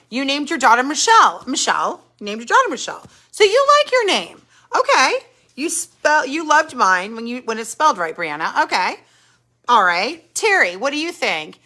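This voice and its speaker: Bright, lively middle-aged woman chatting. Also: high voice. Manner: chatty, greets viewers by name, thinks aloud. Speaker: podcast host reading live chat comments. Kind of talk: casual live-stream chat.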